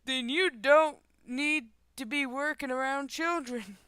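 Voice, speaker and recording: A woman voicing an angry, entitled father who loudly demands answers from a bus driver, with a slight Southern twang. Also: sits high, a little slow, clean tone, dry recording, voice pushed up. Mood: angry, indignant. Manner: loud, demanding, indignant.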